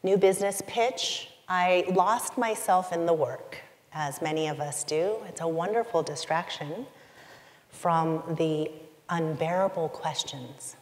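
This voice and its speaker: A middle-aged woman giving a keynote talk, telling a personal story in a confessional, emotive way with deliberate pauses. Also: fairly low pitch, a little mellow. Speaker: keynote speaker. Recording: long hall reverb.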